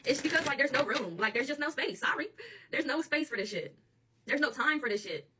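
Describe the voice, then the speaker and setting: Tarot reader, woman, AAVE, quick and sharp-toned, mic set back a bit. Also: high voice, lively intonation, distant mic, noisy background. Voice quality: blunt and profane, laughs often. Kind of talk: channeled tarot reading monologue.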